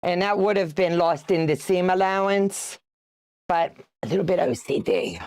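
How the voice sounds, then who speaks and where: A woman's voice: on the low side, expressive, moderate pace, darkish tone, no room sound. A woman in her sixties hosting a quilting livestream. She chats casually while she sews, teases viewers and greets them by name, and laughs often. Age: 60s. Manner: chatty and teasing, reads out viewer comments, laughs often.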